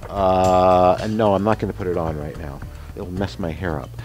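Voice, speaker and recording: A man's voice: low voice, normal speed, darkish tone, soft background music. A man in his sixties hosting a casual workshop demonstration, explaining his mask and costume work in a rambling, chatty way full of fillers and asides. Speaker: show host and special-effects mask maker.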